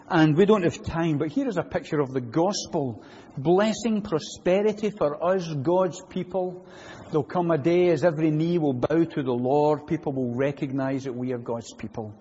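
A man preaching a sermon in a church, animated and full of rhetorical questions. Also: fairly high pitch, husky, big-room sound, muffled recording.

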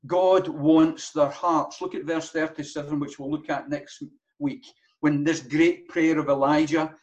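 A male pastor delivers a sermon in a somewhat high-pitched voice. He preaches earnestly and leans on rhetorical questions and repetition. The recording sounds dull and lo-fi. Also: level tone, a little slow, a little mellow.

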